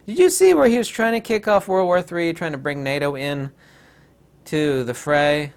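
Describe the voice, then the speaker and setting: A man's voice: fairly high pitch, normal speed. A man hosting a rambling, sarcastic commentary video, full of digressions and mocking asides.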